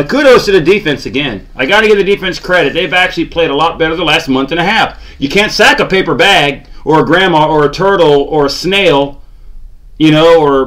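Male sports-channel host, slightly high pitch; exasperated, sarcastic fan rant. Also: fairly bright tone. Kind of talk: ranting fan commentary.

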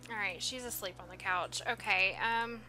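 A woman's voice: medium pitch, moderate pace, bright, forceful tone, soft background music. A woman doing casual gameplay commentary, reacting with dismay and talking to the characters on screen. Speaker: let's play host.

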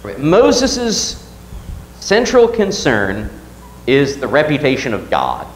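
A man's voice: fairly high pitch, wildly swooping pitch, slow, roomy sound, slight background noise, poor audio. A man teaching a Sunday Bible class at church, reading scripture aloud and asking the class questions.

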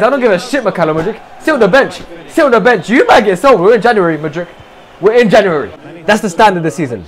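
A young man giving loud, swearing live commentary over a football video game, swinging from shouts to low mutters. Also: big pitch swings, fairly quick. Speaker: gaming streamer.

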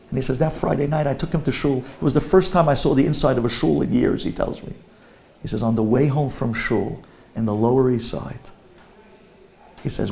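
A man's voice: mid-range voice, fairly even intonation, brisk, creaky, darkish tone. A man, a rabbi, telling a story in a sermon, animatedly voicing the characters.

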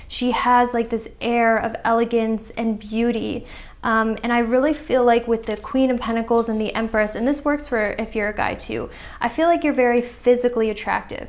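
A young woman giving a pick-a-card tarot reading straight to her viewers, earnest and chatty, full of "I feel like" and "you know". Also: fairly high pitch. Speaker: tarot reader.

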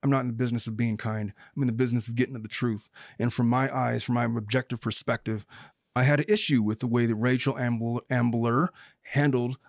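A blunt, outspoken man gives his frank take in casual legal commentary, pressing his points with emphasis. His voice sits at an ordinary middle pitch. It is recorded close and dry, with no room sound. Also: fairly even intonation, a little fast, vocal fry, no echo. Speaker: podcast host and lawyer.

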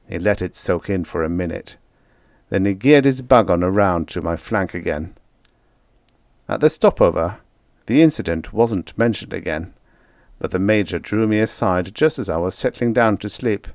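A man narrating an audiobook in the first person, with expressive, dramatic storytelling, close to the mic. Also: low-pitched, normal speed, dry recording.

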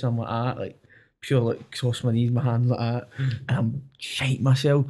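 A Scottish singer in his twenties, a podcast guest with a Glaswegian accent, tells stories in casual chat, swearing freely and acting out what people said while often asking "do you know what I mean". His mid-range, darkish voice moves at a moderate pace with fairly even intonation.

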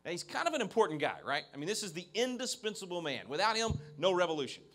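A man's voice: high-pitched, sing-song, fast, fairly bright tone. A man giving a keynote speech to an evening event audience into a handheld microphone, talking with emphasis and frequent restarts. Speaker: keynote speaker. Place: event venue, in front of an audience.

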